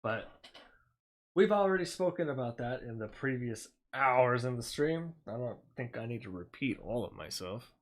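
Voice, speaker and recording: A man's voice: medium pitch, lively intonation, normal speed. A man streaming casual commentary, sarcastic and rambling, often breaking into laughs. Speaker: streamer reacting to a speech.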